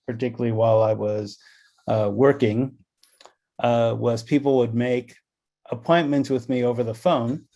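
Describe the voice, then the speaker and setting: A man's voice: mid-range voice, darkish tone. A middle-aged man from Los Angeles giving a training talk, telling stories and acting out the dialogue in them. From Los Angeles, California. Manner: storytelling, acts out quoted dialogue. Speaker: presenter on anti-racism. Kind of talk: recorded training session talk.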